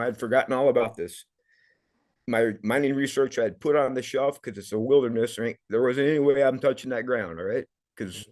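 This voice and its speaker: A man's voice: mid-range voice, darkish tone. A middle-aged man, a podcast guest, telling a personal story in an earnest, emotional way, often repeating words.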